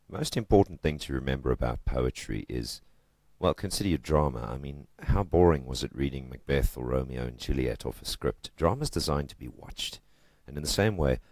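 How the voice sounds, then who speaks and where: Very deep-voiced male literature teacher. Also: a little mellow, no echo, clean studio sound. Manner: chatty and joking, with emphatic stresses. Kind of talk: casual video lesson.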